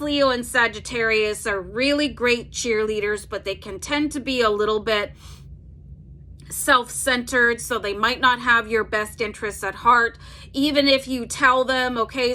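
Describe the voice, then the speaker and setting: Bright-voiced chatty woman tarot reader. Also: on the high side. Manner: chatty, fills with "like", tags "okay?" on sentences. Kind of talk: casual tarot reading to camera.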